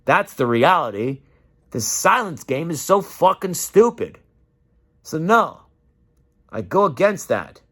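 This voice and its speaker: A man's voice: a little high, sing-song, slow pace, pauses often, a bit bright. A man delivering an emotional, profane rant straight to camera and acting out the voices of the people he quotes. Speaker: vlogger.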